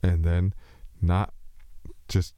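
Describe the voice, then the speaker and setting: A very deep, mellow-voiced man with a slight Texas twang rambles through a solo podcast monologue. He is loose and joking and often mocks himself as he meanders from thought to thought. The sound is close and dry. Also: flat delivery, drawn-out words, clean tone, dry recording. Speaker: podcast host.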